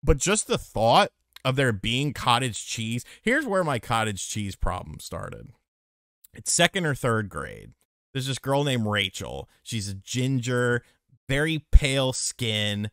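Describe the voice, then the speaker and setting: A man's voice: medium pitch, slow pace, no echo, clean studio sound. A man co-hosting a podcast, chatting casually and telling stories with lots of swearing. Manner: profane, animated storytelling. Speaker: podcast co-host. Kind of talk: casual chat.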